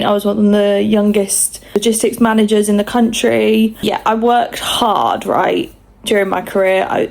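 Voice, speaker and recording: A woman's voice: mid-range voice, gravelly, a little mellow. A young woman, chatting casually at home in a rambling, self-mocking vlog. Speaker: vlogger mum.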